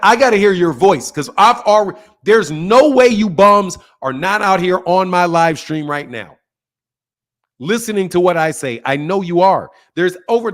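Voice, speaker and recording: Profane, fired-up boxing stream host. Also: male voice, high-pitched. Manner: profane, confrontational, animated. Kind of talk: heated livestream rant.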